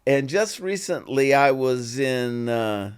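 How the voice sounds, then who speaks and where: A man, an actor guest in an interview, telling relaxed anecdotes and acting out the voices of the people in them. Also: mid-range voice, slow pace, smooth. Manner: animated, acts out quoted voices in stories; relaxed and conversational, with "you know" fillers.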